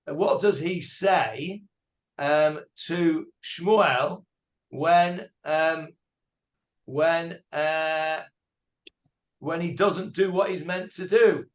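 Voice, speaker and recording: A man teaching a Bible class as a rabbi, animated, with hesitant fillers. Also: on the high side, very slow.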